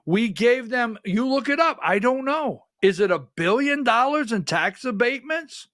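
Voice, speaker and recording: High-voiced man hosting talk radio. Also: expressive, moderate pace, fairly bright tone, no echo, studio quality. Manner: folksy and rhetorical, asks repeated questions and quotes others. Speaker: political talk show host. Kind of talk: livestream commentary, talking to listeners.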